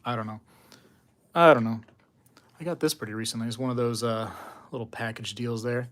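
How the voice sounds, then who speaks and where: Brief: man, mid-pitched, casual livestream host, chatty and animated, reads chat aloud. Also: fairly quick. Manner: chatty, reads and answers chat, laughs often; animated storytelling. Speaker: coin collecting livestream host. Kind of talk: casual live-stream chat with viewers.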